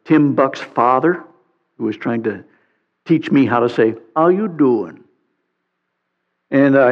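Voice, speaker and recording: Male pastor, sermon, animated delivery, fairly high voice, long hall echo, muffled sound. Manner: animated, reads scripture with playful sarcasm.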